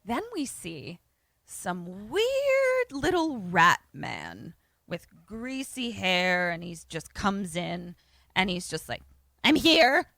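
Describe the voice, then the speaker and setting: A woman co-host recapping a film in loose, casual podcast chat. Her tone is bright and forceful, and the sound is close and dry. She talks animatedly, swears freely and slips into the characters' lines. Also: fairly low pitch, takes it slowly, creaky, no echo. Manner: animated, profane, acts out voices.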